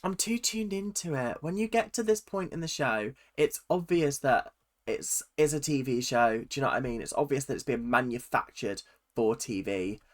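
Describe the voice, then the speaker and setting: This woman is hosting a reaction video and rants at the screen, swinging between fuming complaints and muttered asides. Her delivery is animated and exasperated throughout. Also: a bass voice, moderate pace. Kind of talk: ranting reaction commentary.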